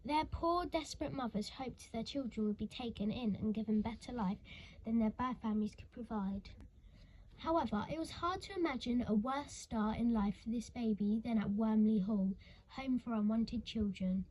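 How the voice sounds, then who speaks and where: A woman narrating a children's storybook, expressive and dramatic, dropping into hushed whispers. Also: fairly high pitch, moderate pace, a little hiss or hum, poor audio. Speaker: audiobook reader.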